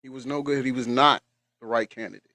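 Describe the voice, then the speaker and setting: A man's voice: medium pitch, steady tone, brisk, sharp tone, no room sound. A man co-hosting a live stream who talks emphatically, repeats his points and thanks viewers in chat. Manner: emphatic, repeats himself, colloquial.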